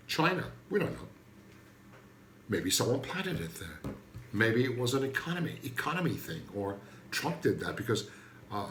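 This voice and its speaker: Comic man, rambling self-mocking monologue, very animated pitch, roomy echo at home. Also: slight background noise. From Turkey. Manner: digressive, self-mocking, jokey asides. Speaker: comedy host.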